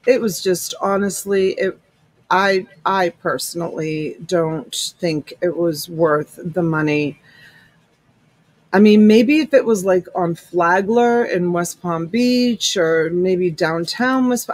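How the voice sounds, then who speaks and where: A woman's voice: mid-range voice, dry recording, low-quality recording. A middle-aged woman hosting a live-stream sale in casual chat, greeting viewers by name and calling them honey and sweetheart. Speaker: live-stream reseller host. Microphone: USB desk mic.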